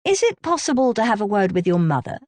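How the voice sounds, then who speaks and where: Blunt brash lady detective, lively pitch, voiced by a woman in an audiobook. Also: fast talker, dry recording. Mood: brisk.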